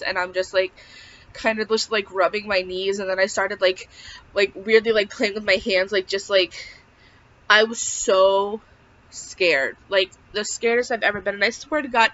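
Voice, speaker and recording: A woman's voice: mid-range voice, bright, forceful tone. A young woman telling a personal story in a casual vlog, chatty and full of filler words. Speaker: vlogger. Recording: slightly dull lo-fi sound.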